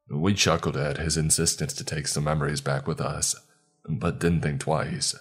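A man narrating a scripted first-person horror story in a calm, steady way. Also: rumbling low, normal speed, slightly rough, faint music behind.

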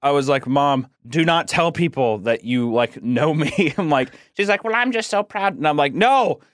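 A man's voice: a little high, expressive, moderate pace, no echo. A man guesting on a podcast, telling rambling, self-conscious stories in casual chat.

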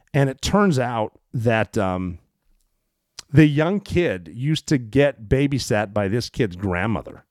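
A man in his forties tells a story in a loose, rambling style, cursing freely and dropping wry asides. His voice sits at an everyday pitch, and the sound is dry and close with almost no room echo. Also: big pitch swings, takes it slowly, darkish tone. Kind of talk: casual storytelling.

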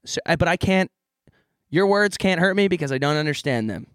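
A man's voice: fairly high pitch, brisk, smooth, no room sound, clean studio sound. Young man telling stories animatedly. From California. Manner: animated storyteller, puts on voices for the people in his story. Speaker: podcast co-host. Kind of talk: casual chat.

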